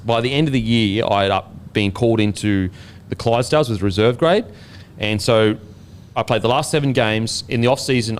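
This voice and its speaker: An Australian man in his thirties hosting a podcast, telling a story in a casual, animated way and swearing freely. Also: on the low side, slight background noise. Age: 30s. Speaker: podcast host and former rugby league player.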